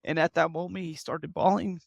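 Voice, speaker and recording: A man in his thirties, a podcast guest, speaking tearfully in an earnest, halting way and often repeating himself. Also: a little high, steady tone, vocal fry, no echo. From United States and Mexico. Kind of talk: emotional interview talk.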